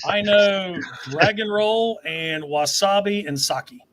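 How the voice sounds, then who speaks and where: A man with a notably high voice speaks slowly and deliberately in a casual online chat. He teases his friends with unhurried remarks. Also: fairly bright tone. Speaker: guest.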